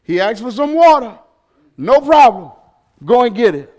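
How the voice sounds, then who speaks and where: A man preaching a sermon as pastor in a church. He delivers it with animated shouting, humor and call-and-response questions to the congregation. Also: extremely high pitch, moderate pace.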